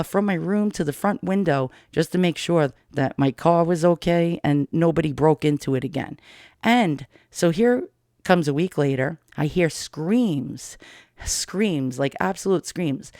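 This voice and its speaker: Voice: medium pitch, darkish tone, dry recording, clean studio sound. A middle-aged storyteller from Queens, telling a personal story in a blunt, profane, darkly amused way. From Queens, New York.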